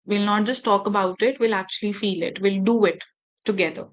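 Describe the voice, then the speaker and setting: A woman's voice: mid-range voice, steady tone, a little fast. A woman trainer leading an online workshop for teachers over a video call, engaging and often asking the audience questions. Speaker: faculty development trainer.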